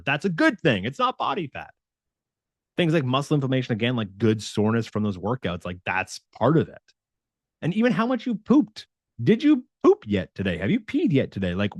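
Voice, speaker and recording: A man's voice: medium pitch, no echo, studio quality. A man working as a fitness coach, talking casually and with animation straight to his viewers, acting out the quotes. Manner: animated and conversational, acts out quotes. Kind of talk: casual talk to camera.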